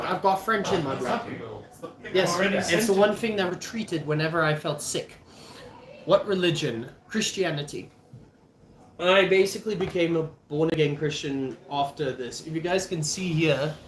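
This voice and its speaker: A young man in his twenties with a South African accent, chatting casually to camera in a rambling, jokey way with lots of restarts. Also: a little high. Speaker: vlogger. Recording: echoey room.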